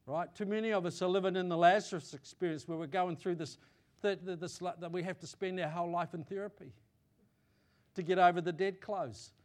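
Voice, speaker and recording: High-voiced New pastor preaching. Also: male voice, fairly even intonation, fairly quick. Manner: swings from loud emphatic declarations to low quiet asides; repeats and restarts phrases, checks in with listeners. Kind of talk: sermon. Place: church.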